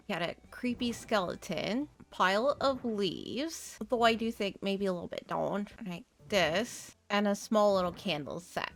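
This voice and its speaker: Slow-talking giggly woman gaming. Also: medium pitch, fairly bright tone. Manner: chatty, giggly, talks to herself while building. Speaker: game streamer. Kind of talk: casual gameplay commentary.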